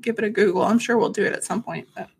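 A woman's voice: medium pitch, fairly even intonation, quick pace, vocal fry, slight background noise. A woman from Arkansas co-hosting a casual podcast chat, telling stories with sarcastic asides. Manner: chatty storyteller, sarcastic asides, frequent laughs. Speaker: podcast co-host.

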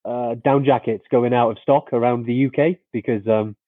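A man's voice: medium pitch, fairly even intonation, normal speed, dry recording, narrow, tinny audio. A man co-hosting a casual live-stream chat, friendly and laid-back.

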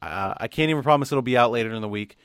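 A young man co-hosting a podcast, talking casually and rambling a little, reading numbers out slowly. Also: mid-range voice, fairly bright tone, smooth, no room sound, clean studio sound. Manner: rambling with fillers and restarts, reads numbers out slowly. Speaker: podcast co-host.

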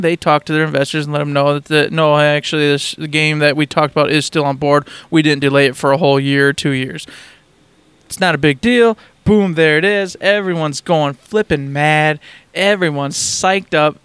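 Excitable male co-host, high voice, acts out voices and laughs a lot while spinning a tale. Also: clean tone. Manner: animated storytelling, acts out voices, laughs often. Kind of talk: casual chat.

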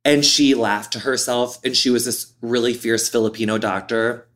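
This thirtysomething male interviewee talks openly and energetically, peppering his speech with "like." His voice is mid-pitched and his pace is normal.

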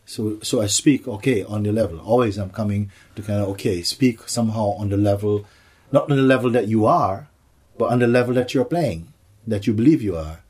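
A man's voice: lowish voice, fairly quick, darkish tone, breathy edge. A man giving a spiritual satsang talk, playful, slipping into acted voices and laughter. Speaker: spiritual teacher.

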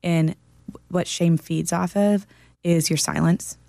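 A woman's voice: on the low side, steady tone, takes it slowly, gravelly, dark tone, no echo. A woman co-hosting a casual talk show, telling a story in an earnest, emphatic way. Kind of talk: casual podcast chat.

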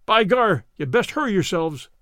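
A man voicing an anxious male lookout who calls out urgent, rough-spoken warnings. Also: sits high, expressive, fast talker, fairly bright tone, no room sound, studio quality, heavily acted.

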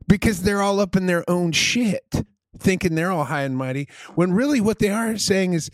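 A man co-hosting a casual comedy podcast, ranting in an animated, profane way. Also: high voice, moderate pace, no room sound. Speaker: podcast co-host.

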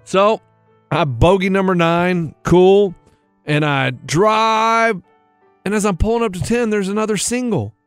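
A man's voice: high voice, a little slow, clean tone, no echo, faint music behind. A man co-hosting a radio show, telling a story in casual chat and acting out the other people in it. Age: middle-aged.

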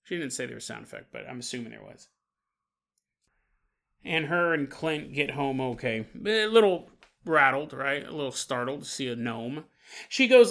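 A man hosting a podcast, retelling a story in a casual, animated way and acting out the people he quotes. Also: mid-range voice, unhurried. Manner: animated, acts out quotes with playful voices. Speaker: podcast host.

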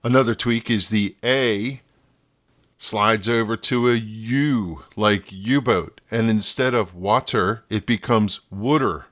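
A man's voice: on the low side, fairly bright tone. A man from New Jersey with a New Jersey accent, hosting a podcast in a scripted, playful monologue that now and then slips into a radio-announcer voice. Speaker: podcast host.

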